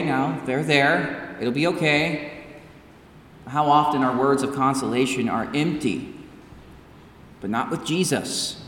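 A man preaches a sermon with measured, emphatic pacing, leaning into pauses. His voice sits a little high. The recording is roomy and distant, with long church reverb. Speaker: pastor. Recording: echoey church hall from far off.

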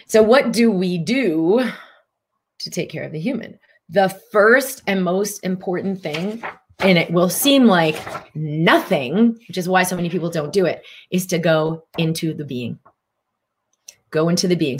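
Animated woman teaching live, lowish voice. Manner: animated, acts out inner voices. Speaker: spiritual teacher. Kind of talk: live-streamed teaching talk.

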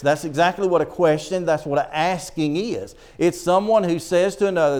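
Earnest man preaching, fairly high voice. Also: a little mellow. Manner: earnest, emphatic preaching that reads scripture slowly. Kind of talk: sermon. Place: church.

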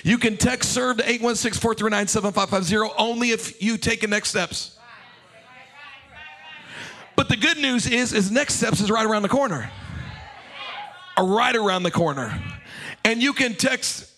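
A passionate male pastor delivering a sermon in a high, bright voice. He preaches with fervor and leads his congregation in call-and-response. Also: normal speed, long pauses.

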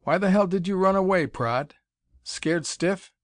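Man doing a gruff young squadron leader. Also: medium pitch, moderate pace, dry recording, studio quality, natural voice. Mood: angry. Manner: gruff, forthright.

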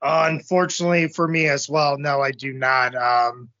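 A man's voice: mid-range voice, moderate pace, bright, forceful tone, dry recording. A man chatting on a podcast panel, laid-back and leaning on fillers like "like" and "you know". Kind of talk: casual chat. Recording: dry, dull lo-fi audio.

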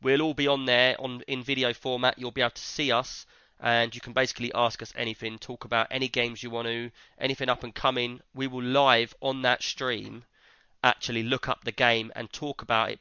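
A man hosting a laid-back podcast, talking in a chatty, rambling way full of fillers. His voice is bright and crisp, recorded dry, close to the mic, with a slightly dull, lo-fi edge. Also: medium pitch, dry recording. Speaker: podcast host. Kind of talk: casual podcast chat.

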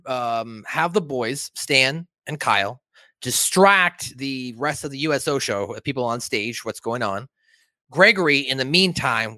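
A man's voice: mid-range voice, dry recording. A man hosting a casual podcast, retelling a film with profanity and acted-out character lines. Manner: animated, profane, acts out characters while laughing. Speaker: podcast host.

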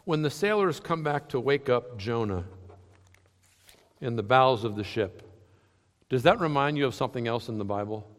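Emphatic preacher in a reverberant hall. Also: male voice, medium pitch, expressive, normal speed, long pauses. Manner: wide swings between loud emphatic lines and soft near-quiet ones. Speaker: pastor. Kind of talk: sermon.

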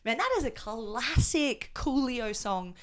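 A woman's voice: a little high, lively intonation, slow. A woman, a schoolteacher, chatting casually as a podcast co-host and laughing often. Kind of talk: casual chat.

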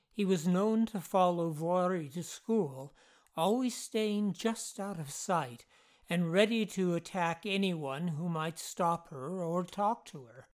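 A narrator reading a scripted true-mystery story in a measured storytelling manner. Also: mid-range voice.

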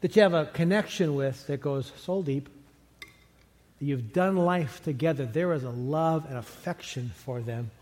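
High-voiced pastor preaching in a reverberant church. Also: male voice, unhurried. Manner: conversational, animated preaching with laughs. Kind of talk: sermon. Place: large church sanctuary. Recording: long hall reverb from a church sanctuary.

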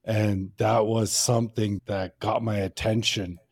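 A man's voice: fairly low pitch, level tone, unhurried, gravelly, a little mellow, breathy edge, no echo. A man hosting a casual interview, who reflects on and sums up the guest's points in an agreeable way. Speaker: host.

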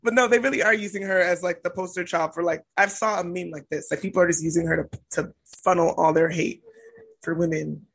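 A woman's voice: lowish voice, steady tone, fairly quick, creaky, slightly rough. A woman co-hosting a casual chat, frank and profane, stretching words for emphasis.

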